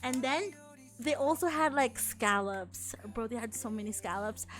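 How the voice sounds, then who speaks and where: Brief: young woman streamer, chatty and profane, bright high voice. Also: expressive, unhurried, faint music behind. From Philippines. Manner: chatty, swears a lot, restarts and acts out quotes. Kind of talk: casual chat.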